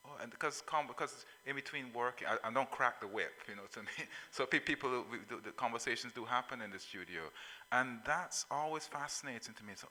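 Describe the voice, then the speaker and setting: An artist on a public panel, a man talking in a casual, halting way and repeating words as he thinks. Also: mid-range voice, expressive, pushed and bright, in a large hall, poor audio.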